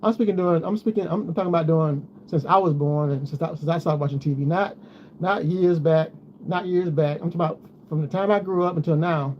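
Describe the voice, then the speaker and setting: A man's voice: a little high, fairly quick. Rambling man in a lo-fi home vlog. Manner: rambling, repeats himself, talks to viewers. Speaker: vlogger. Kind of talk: casual chat. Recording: dull lo-fi sound with faint noise.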